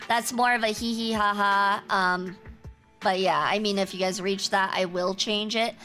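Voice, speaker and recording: A woman's voice: mid-range voice, steady tone, moderate pace, bright, forceful tone, soft background music. A woman streamer chatting casually with her viewers, teasing and self-assured. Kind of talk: casual chat with a live chat.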